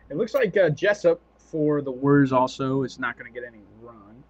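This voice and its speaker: A man doing casual, excitable play-by-play commentary on a live stream, chatty and quick to laugh. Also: medium pitch, dull audio.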